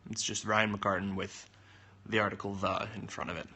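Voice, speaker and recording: A young man chatting casually on a phone livestream, answering viewer comments with jokes and sudden jumps in pitch. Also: little pitch movement, fairly quick, pushed and bright, slight background noise.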